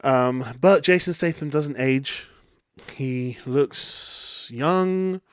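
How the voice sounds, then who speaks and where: A man's voice: fairly high pitch, drawn-out words, clear, resonant tone, dry recording, clean studio sound. Chatty man reviewing films. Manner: rambling, chatty, many fillers and restarts. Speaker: podcast host reviewing films. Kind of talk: casual solo film review.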